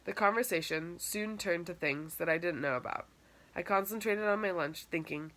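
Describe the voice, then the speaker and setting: A woman reading a first-person audiobook with steady, matter-of-fact storytelling. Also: fairly low pitch, moderate pace. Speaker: audiobook narrator.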